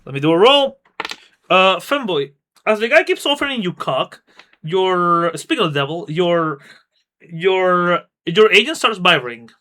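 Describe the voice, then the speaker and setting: A man narrates a tabletop role-playing game as game master on a live stream. He talks loosely and rambles, his high voice sounds bright and moves up and down a lot. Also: expressive, measured pace. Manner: rambling, loose, laughs at own jokes.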